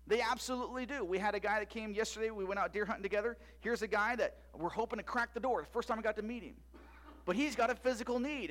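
A man preaching a sermon as pastor, animated with loud rising emphasis, soft asides and frequent tag questions to the congregation. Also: high-pitched.

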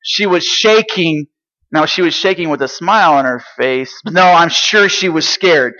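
A man playing an eager eight-year-old boy from Galilee in a dramatic first-person monologue, chatty and excitable, sometimes dropping to hushed asides. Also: fairly high pitch, a little slow. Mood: wide-eyed excitement. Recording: dull lo-fi recording.

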